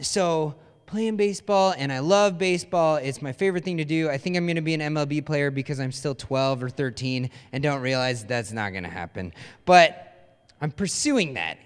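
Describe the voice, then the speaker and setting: A man's voice: fairly high pitch, clean tone. A man preaching a casual, conversational sermon as a pastor, telling stories in a chatty, self-deprecating way. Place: church hall. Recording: long hall reverb.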